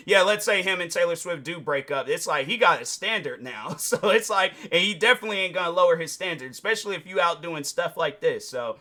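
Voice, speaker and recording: A male vlogger with a bright, forceful voice that sits a little above the usual pitch for a man. He talks casually and animatedly, throwing in slang and speaking straight to his viewers, and now and then slips into excited high impressions of other people. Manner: informal slang, addresses viewers directly. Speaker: YouTube reaction host. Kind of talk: casual opinion commentary.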